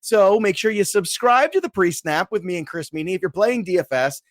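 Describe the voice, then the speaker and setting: A man co-hosting a sports podcast with energetic, playful hype-man delivery. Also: high-pitched, a little fast, no room sound, studio quality. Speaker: podcast co-host. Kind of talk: hyped podcast chat.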